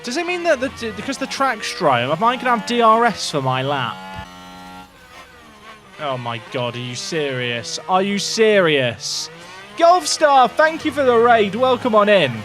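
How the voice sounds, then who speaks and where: A young man live-streaming a racing game, excitable and jokey, shouting at the screen between commentary. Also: high voice, a little slow, faint music behind.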